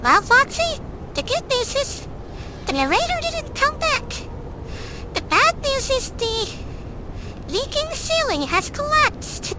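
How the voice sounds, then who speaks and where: Woman streamer, very high and sing-song, slow playful commentary, faint noise. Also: big pitch swings. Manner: playful, teasing, chatty with the game. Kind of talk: casual gameplay commentary.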